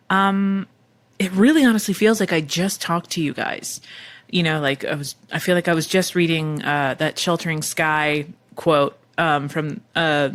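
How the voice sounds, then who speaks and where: A woman hosting her podcast in casual chat, rambling and self-deprecating, with lots of fillers. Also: lowish voice. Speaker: podcast host.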